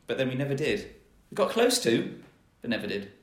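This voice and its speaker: A man's voice: mid-range voice, big pitch swings, fairly quick. A young man chatting casually, hesitant with lots of fillers. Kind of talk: casual chat. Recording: echoey room.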